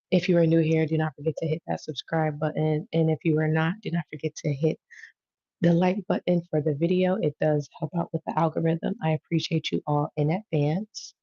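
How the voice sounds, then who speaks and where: A woman with a low, mellow voice greets viewers on her tarot live stream in a relaxed, casual way. She speaks in an even, level tone and often repeats her greetings and thanks. The sound is dry and slightly dull, like a lo-fi stream. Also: no room sound. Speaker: tarot reader and channel host.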